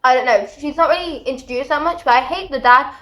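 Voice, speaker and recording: Animated woman ranting about books. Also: high-pitched, quick pace. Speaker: book vlogger. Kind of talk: casual book review chat.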